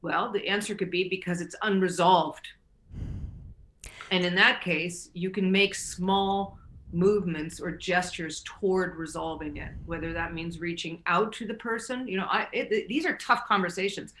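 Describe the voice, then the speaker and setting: A woman's voice: fairly low pitch, normal speed, fairly bright tone, reverberant, a little hiss or hum. A woman hosting a recovery talk, giving earnest casual advice with frequent restarts and easy laughter. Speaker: recovery podcast host.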